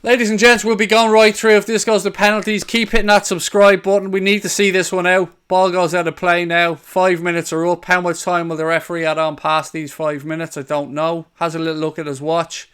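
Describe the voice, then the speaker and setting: A man hosts a live football watchalong stream. His voice sits high, bright and clear. He talks excitably, swearing freely and shouting over the big moments. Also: a little fast, hardly any pauses. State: out of breath. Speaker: watchalong host.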